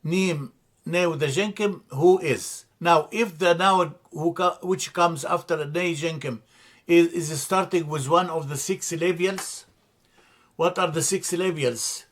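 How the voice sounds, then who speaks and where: Working through slides in a church classroom, this man gives a language lesson with a somewhat high, slightly bright voice. He goes slow and deliberate, repeating terms and fixing his own wording as he goes.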